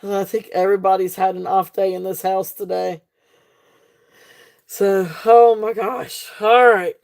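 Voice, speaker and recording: Slow-talking chatty woman seller. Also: mid-range voice, flat delivery, gravelly, darkish tone. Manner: chatty, laughs often, many fillers and restarts. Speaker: jewelry seller hosting a live sale. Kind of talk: casual live-stream sales chat.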